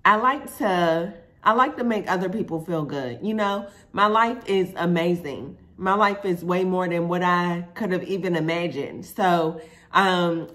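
A woman's voice: lowish voice, a bit bright. A woman from Pittsburgh, Pennsylvania, telling a personal story to her viewers in a casual, chatty way, full of fillers and asides to "y'all". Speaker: vlogger.

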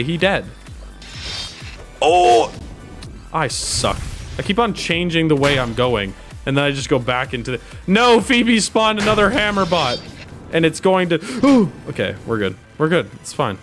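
A young man talks through a video game as he plays it live, his voice sitting a little high for a man. He swings from muttering to sudden yelps and shouts. Faint game music plays under him. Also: very animated, normal speed. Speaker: streamer. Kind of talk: live gameplay commentary.

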